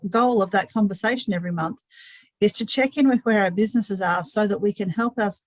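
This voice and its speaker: A woman hosts a live-streamed webinar in an earnest, thinking-aloud way, often doubling her words. Her voice sits at a middle pitch. The sound is dry and close, with no room echo. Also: darkish tone. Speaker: webinar host.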